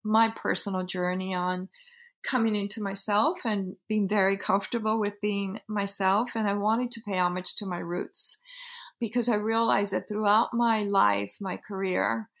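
A middle-aged woman from Peru talks through how she founded her brand. She is reflective and halting, stops often to restart a thought, and her voice has a light gravelly fry. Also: mid-range voice, a bit bright. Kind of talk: interview, telling her brand story.

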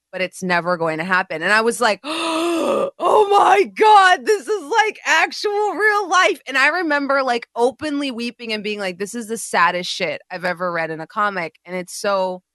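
A woman co-hosts a casual podcast chat with a bright, forceful voice. She talks in a candid, profane and animated way and acts out scenes as she tells them. The sound is close and dry. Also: medium pitch, dry recording. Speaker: podcast co-host.

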